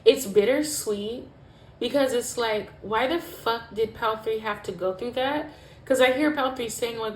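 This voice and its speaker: A woman's voice: on the high side, unhurried. A woman giving a pick-a-pile tarot reading to her viewers, emotional and emphatic, swearing often and filling her talk with "like". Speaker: tarot reader. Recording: echoey room with faint noise.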